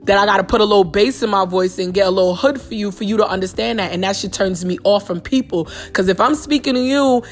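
A woman's voice: medium pitch, fast talker, few pauses, soft background music. A young woman with a New York accent hosting a podcast, bluntly retelling a personal story in a casual, profane monologue full of slang. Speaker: podcast host.

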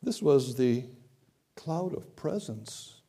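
A man preaching a sermon, dramatic and swinging from loud to hushed, often repeating words. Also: mid-range voice, lively intonation, slow pace, slightly rough.

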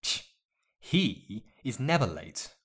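A man voicing an excitable teenage witch girl who talks brightly and eagerly. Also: medium pitch, slow, breathy edge, heavily acted. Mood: excited.

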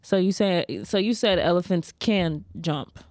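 A woman's voice: on the low side, unhurried, darkish tone, no room sound, clean studio sound. A young woman, a student athlete, chatting as a guest on a casual podcast in a bubbly, giggly way. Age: young adult.

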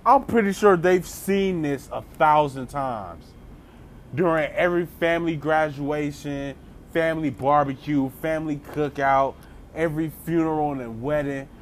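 A man telling a funny story off the cuff, his voice sitting a little high and getting animated with slangy asides. The telling is loose and conversational, with a faint hum of noise underneath. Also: measured pace. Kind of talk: casual comedic storytime.

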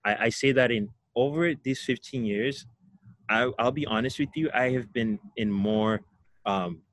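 A man's voice: mid-range voice, measured pace, a bit bright, dry recording. A young man from Ghana, a guest telling his own story in a casual interview, reflective and often laughing as he talks.

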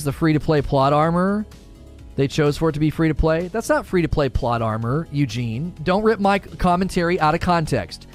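A man arguing and talking through a live stream, full of rhetorical questions. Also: a little high.

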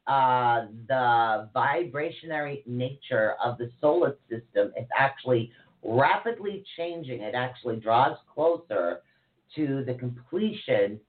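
A woman's voice: extremely low pitch, lively intonation, unhurried. A middle-aged woman co-hosting a casual online teaching chat, chatty and laughing as she teases. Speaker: co-host. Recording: tinny narrow-band online call audio.

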